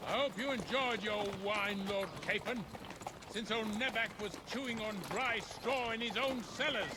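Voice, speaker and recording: A man's voice: very high-pitched, moderate pace, background noise. A man voicing a scornful older court chamberlain in a video game, talking down to younger men. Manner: condescending, scolding. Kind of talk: video game cutscene acting.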